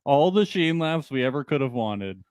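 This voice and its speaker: A man's voice: fairly high pitch, animated, moderate pace, a little mellow, clear, resonant tone, dry recording, clean studio sound. A man co-hosting a casual show recap podcast, jokey and laughing often. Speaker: podcast co-host.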